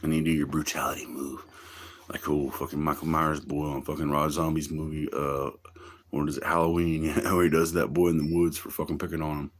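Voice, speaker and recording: A man with a rumbling low voice chats casually on his livestream, a little fast and flat in delivery. He rambles through stories in a drawling way, swearing profanely and laughing often.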